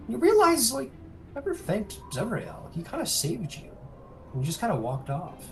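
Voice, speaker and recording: Soft-spoken rambling game master. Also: male voice, high voice, huge pitch swings, moderate pace, slight background noise. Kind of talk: narrating a tabletop game.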